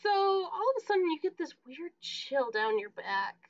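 A woman running a tabletop role-playing game as game master, narrating in a calm, laid-back way. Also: sits high, normal speed, no room sound, muffled recording.

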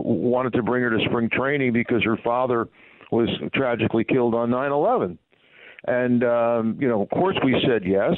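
A man's voice: medium pitch, dry recording. A man, a former baseball team PR manager, telling anecdotes as a guest in a phone interview, rambling and full of "you know" fillers. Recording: tinny dry phone line.

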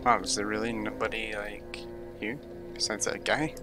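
A man's voice: on the low side, fairly even intonation, normal speed. Laid-back young man streaming a game. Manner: laid-back, swears and grumbles at opponents. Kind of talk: casual gameplay commentary. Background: game music.

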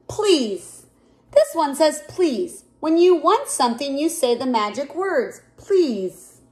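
A woman's voice: sits high, big pitch swings, slow pace, a little mellow, exaggerated voice. A woman voicing a patient mother bear who kindly teaches her cub manners in a storybook. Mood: teaching. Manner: kindly, instructive.

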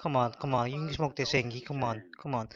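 A man's voice: mid-range voice, fairly even intonation, fast, natural voice. A man dubbing a bossy, cheeky male weed dealer in a comedy voiceover. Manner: bossy, cheeky, shouty bursts. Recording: dull lo-fi dub.

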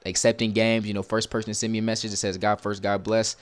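Young man chatting over gameplay, lowish voice. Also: level tone, fast, smooth. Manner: chatty, bursts into loud frustrated yelling at the game. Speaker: gaming YouTuber. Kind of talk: casual gameplay commentary.

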